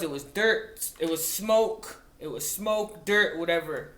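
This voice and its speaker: A man's voice: fairly high pitch, fairly bright tone, slight background noise. Firefighter guy telling a story, swears a lot, keeps restarting, echoey room. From Montana. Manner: profane, halting, with many restarts. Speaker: wildland firefighter. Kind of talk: casual spoken storytelling. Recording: roomy echoey recording.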